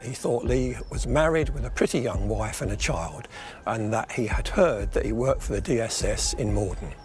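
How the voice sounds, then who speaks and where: Former police officer recounting calmly. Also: male voice, medium pitch, normal speed, faint music behind. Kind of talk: interview.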